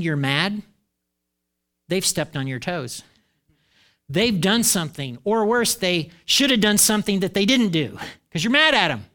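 A middle-aged man preaching a sermon with a high, bright voice. He talks to his congregation in an animated way and slips into the voices of the people he quotes. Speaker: pastor.

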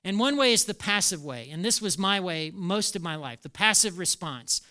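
A man preaching a sermon, animated, acting out quoted lines with small laughs. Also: sits high, normal speed. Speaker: pastor.

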